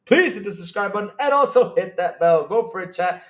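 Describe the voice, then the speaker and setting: A man hosting a live stream, reading chat aloud and reacting with excitable disbelief and frequent laughter. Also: high voice. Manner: excitable, incredulous, laughing, rapid swings in loudness.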